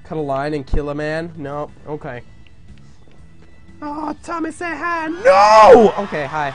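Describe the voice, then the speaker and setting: Goofy gravelly live streamer man. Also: a little high, very animated, slow pace, soft background music. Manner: goofy, loud outbursts, self-amused. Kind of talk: casual gameplay stream chatter.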